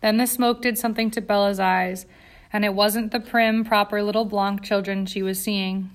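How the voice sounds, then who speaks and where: A woman's voice: medium pitch, fairly even intonation, normal speed. A woman reading an audiobook aloud, telling the story in a tense, dramatic way. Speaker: audiobook reader. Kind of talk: scripted audiobook narration.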